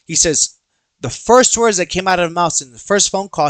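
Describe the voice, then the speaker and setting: A man's voice: high-pitched, normal speed, no echo. A young man hosting a podcast, telling a personal story casually, acting out quoted voices and swearing freely. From Texas. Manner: animated, acts out quoted dialogue, swears freely. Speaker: podcast host.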